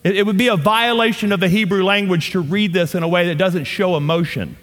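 A man's voice: sits high, steady tone, a little fast, fairly bright tone, in a large hall. A man in his fifties with a Southern US accent, from North Louisiana, preaching a sermon with impassioned emphasis and humorous asides. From North Louisiana, USA. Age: 50s. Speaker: pastor.

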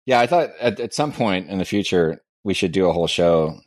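A man's voice: sits low, animated, a little fast, dry recording, studio quality. A man co-hosting a casual podcast chat in an easygoing way with short replies. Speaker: podcast co-host.

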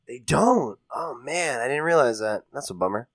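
A man co-hosting a gaming podcast in easy, casual chat. He jokes around, swears freely and laughs a lot. His voice sits at a middling pitch and sounds close and dry, with no room around it. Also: animated, moderate pace, dry recording. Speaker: podcast co-host leading the news segment.

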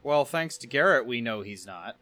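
A man's voice: mid-range voice, moderate pace, dry recording. A man co-hosting a podcast, casually recapping plot and acting out lines. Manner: narrates plot with animated quoted voices. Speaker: podcast co-host.

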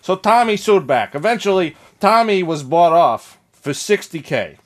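A man's voice: high-pitched, animated, unhurried. A man hosting a comedy podcast, telling a story in a put-on gangster-style accent.

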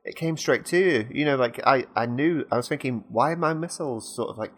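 A man's voice: mid-range voice, fairly quick, a bit bright. British male co-host, mid voice, meandering and hesitant in casual chat. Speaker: podcast co-host. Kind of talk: casual gaming podcast chat.

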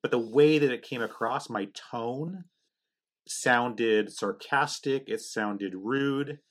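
A middle-aged man hosting a faith conversation, telling a family story in a quick, chatty, animated way. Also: mid-range voice.

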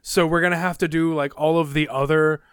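A man with a slightly high, smooth and clear voice, rambling through his points with lots of likes and uhs. He sounds close to a dry podcast mic. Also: fairly even intonation, fairly quick, no echo. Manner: rambling, many fillers, amused. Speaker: podcast co-host. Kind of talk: casual anime discussion chat.

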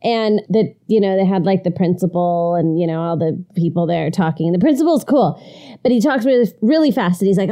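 A middle-aged woman co-hosts a podcast, speaking briskly in a lowish voice. In a casual chat she tells stories expressively and acts out the voices of the people in them.

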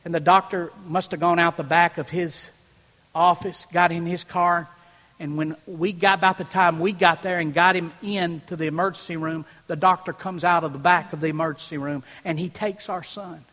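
A pastor preaching a sermon from a church platform, telling a personal story and swinging from hushed moments to loud preaching. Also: male voice, fairly high pitch, steady tone, moderate pace. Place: church platform before a congregation. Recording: long reverb in a large hall.

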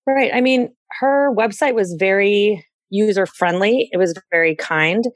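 A woman's voice: mid-range voice, measured pace, no echo. A woman talking candidly and reflectively as a guest in a casual interview, sometimes laughing at herself. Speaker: interviewee, organizing client.

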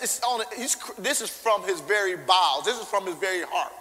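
Man, sermon, animated delivery, high pitch, bright tone, long hall reverb. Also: a little fast, few pauses. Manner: animated, acts out scripture with shouted character voices; informal, call-and-response preaching. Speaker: preacher.

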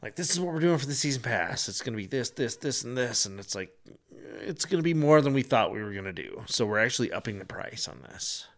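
A man's voice: mid-range voice, sing-song, fast, fairly bright tone. Man, casual podcast co-host; exasperated, profane storyteller. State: sick with flu at the time told, not now.

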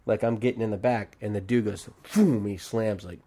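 A man's voice: fairly low pitch, brisk. A young adult man, a barbershop podcast host, tells a rowdy story in casual chat, swearing freely and acting out the other people's lines. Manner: animated, profane, acts out quoted voices. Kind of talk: casual storytelling among friends.

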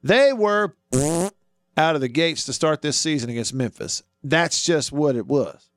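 A man's voice: on the high side, a little slow, a little hiss or hum. A man hosting a sports talk radio show, arguing his points and asking listeners questions. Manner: animated, argues with himself, asks listeners questions.

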